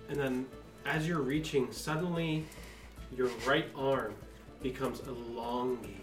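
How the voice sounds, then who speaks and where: A man narrating a tabletop game as game master, animated and often laughing, recorded in an echoey room with faint music. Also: medium pitch, slow pace.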